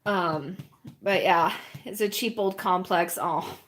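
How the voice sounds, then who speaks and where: A woman's voice: lowish voice, takes it slowly, a bit bright, a little hiss or hum. A woman chatting casually with her live-stream viewers while she paints, rambling and often laughing and cooing at puppies, indoors at a home.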